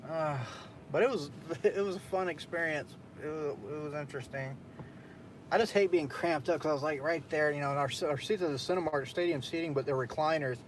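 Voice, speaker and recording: A man's voice: a little high, a little fast, slight background noise. A young man hosting a casual late-night stream, telling a story in a loose, profane way with frequent laughs. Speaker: streamer host.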